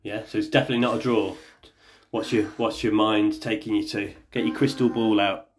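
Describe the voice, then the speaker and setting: A man's voice: on the low side, little pitch movement, brisk, a little hiss or hum. A man hosting a casual family podcast as the dad, chatty and jokey, leading the talk with questions.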